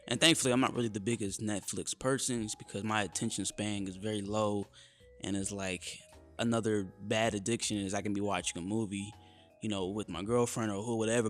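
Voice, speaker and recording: A man co-hosting a casual podcast chat, talking in an animated way and often calling his partner "bro". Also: lowish voice. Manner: animated, peppers speech with "bro". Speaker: podcast co-host.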